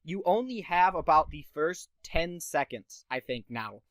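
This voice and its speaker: A man's voice: on the high side, measured pace, no echo. Chatty young man giving creator tips. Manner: animated, emphatic advice-giving with many fillers. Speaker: podcast co-host. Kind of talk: casual podcast chat.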